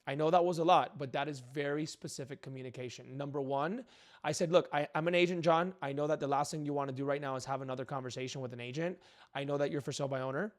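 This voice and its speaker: Talking fast in a steady tone, a man whose voice sits on the high side gives a coaching monologue to real estate agents. He speaks directly and emphatically, role-playing sample phone calls.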